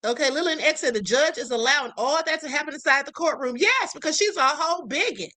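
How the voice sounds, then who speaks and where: A woman's voice: high-pitched, expressive, fast, pushed and bright. A woman hosting a livestream, giving outspoken casual commentary on clips and reading viewer comments aloud. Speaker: livestream host.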